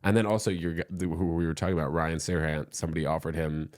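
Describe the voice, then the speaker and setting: A man hosting a podcast, talking in loose, animated banter, swearing freely and laughing easily. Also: rumbling low, fast talker.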